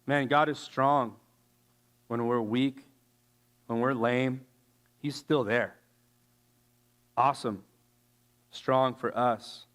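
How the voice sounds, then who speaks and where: A man giving a casual sermon, telling stories in an animated, slangy way with lots of fillers. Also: medium pitch, takes it slowly, long pauses. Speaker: youth speaker.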